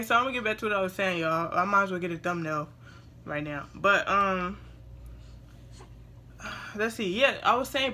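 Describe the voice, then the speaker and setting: A woman's voice: mid-range voice, sharp tone, a little hiss or hum. A young woman vlogging casually at home, chatting to viewers and breaking off to talk to her baby. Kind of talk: casual chat to camera.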